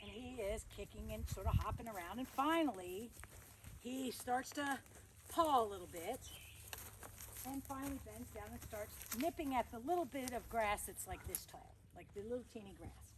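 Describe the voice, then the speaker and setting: A woman's voice: on the high side, expressive, normal speed, a little hiss or hum. A woman horse trainer telling a story in a chatty way while working a horse outdoors, breaking off now and then to praise the horse. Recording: outdoor ambience with horse noises.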